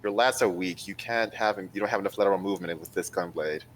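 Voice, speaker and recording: A man's voice: low-pitched, fast, slight background noise, close to an everyday voice, low-quality recording. A man voicing a distracted, blunt female weapon-smith teacher who sizes students up bluntly. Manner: absent-minded, then bluntly critical.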